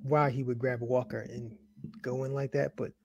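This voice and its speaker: A man's voice: mid-range voice, flat delivery, normal speed, gravelly, darkish tone, no echo, lo-fi sound. Dry, close-miked male co-host telling stories. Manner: amused, storytelling, laughs often. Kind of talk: casual chat reacting to church videos.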